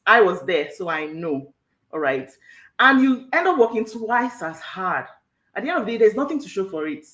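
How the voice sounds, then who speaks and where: A woman's voice: on the low side, a bit bright, echoey room, rough recording. A woman coach hosting an online workshop who talks emphatically, repeats herself and laughs often. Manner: emphatic and repetitive, with frequent "all right"; laughs often while talking. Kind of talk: live online workshop talk.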